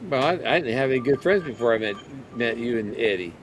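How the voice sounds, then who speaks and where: A man's voice: medium pitch, lively intonation, fast, a little hiss or hum. A man in a casual chat with friends, rambling through stories about his dogs and mimicking them as he goes. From rural farm background.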